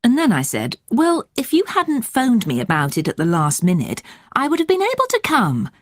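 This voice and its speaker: A woman's voice: fairly high pitch, wildly swooping pitch, normal speed, no room sound. A woman voicing an indignant woman complaining about a late call, in scripted course audio. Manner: exasperated, emphatic.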